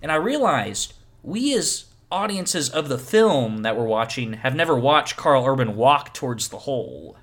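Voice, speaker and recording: A man co-hosting a casual film podcast, breaking down editing with playful, animated bursts. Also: mid-range voice, measured pace, few pauses. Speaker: podcast co-host. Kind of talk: casual film-criticism chat.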